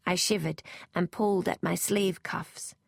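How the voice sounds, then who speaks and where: A woman narrating a novel aloud in first person, in a measured, even manner. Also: lowish voice, creaky, no room sound, studio quality. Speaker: audiobook narrator.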